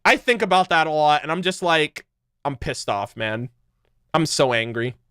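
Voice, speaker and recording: A young male streamer rambles in a loose, joking way, laughing often and swearing casually. His voice sits fairly high and sounds clear and smooth. The sound is dry and close to the mic. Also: animated, normal speed, sharp tone, no echo. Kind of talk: casual livestream chat.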